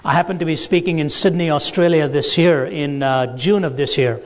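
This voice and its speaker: A man giving a lecture, telling stories and jokes in a deliberate, storytelling way. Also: on the high side. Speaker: Christian apologetics lecturer. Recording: dull lo-fi recording in a large reverberant hall.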